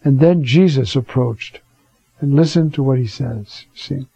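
A man's voice: mid-range voice, a little slow, creaky, warm tone, breathy edge, no room sound, highs cut off. A man teaching a Bible class in a chatty way, asking rhetorical questions and dropping in fillers. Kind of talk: conversational scripture class.

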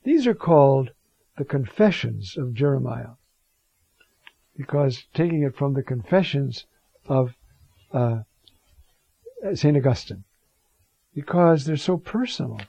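A man's voice: mid-range voice, lively intonation, unhurried, vocal fry, long pauses, warm tone, breathy edge, dry recording. A man teaching on a Bible reading in a conversational, digressive homily style, often saying "you see". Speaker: priest teaching on scripture. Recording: dull lo-fi close mic, dry.

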